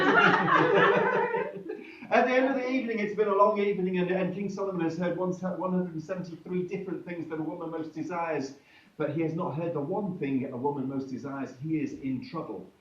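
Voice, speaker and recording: A man's voice: high-pitched, expressive, fairly quick. A man telling a comic folk tale live to an audience, playful and chatty, breaking off to joke with the listeners. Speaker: storyteller. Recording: echoey room from far, dull sound with faint music.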